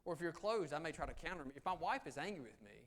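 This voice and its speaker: Animated man giving a talk. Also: on the high side, quick pace. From Southern United States. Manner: animated, conversational, acts out quotes. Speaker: attorney giving a negotiation talk. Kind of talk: conference presentation. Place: meeting room.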